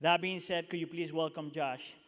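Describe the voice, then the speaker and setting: High-voiced pastor introducing a guest. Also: male voice, fairly even intonation, normal speed, a bit bright. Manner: casual, friendly, many fillers. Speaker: teaching pastor. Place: church sanctuary. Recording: reverberant church hall.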